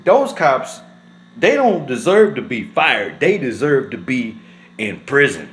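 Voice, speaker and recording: A man's voice: very animated, fairly bright tone. Upset young man. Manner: upset and indignant, repeats "man" often; drawn-out and low when shaken, rises sharply when angry. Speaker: vlogger. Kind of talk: emotional casual commentary to camera.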